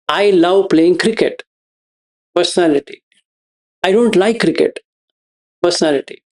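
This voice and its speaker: A man, explaining a meditation teaching to students in a slow, repeating, questioning way. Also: sits high, a little mellow. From India. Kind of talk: dharma talk to students.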